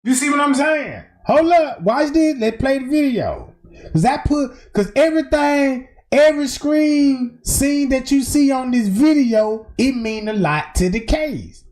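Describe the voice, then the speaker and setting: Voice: sits high, measured pace. A streamer giving casual, emphatic and profane commentary over video footage. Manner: animated, emphatic, slangy and profane.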